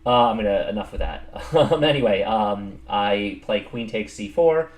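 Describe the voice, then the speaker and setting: A man's voice: fairly low pitch, lively intonation, moderate pace. A man casually recapping his own chess game, rambling with lots of fillers and poking fun at himself. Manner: rambling, many fillers, self-mocking. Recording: roomy echo, faint background noise.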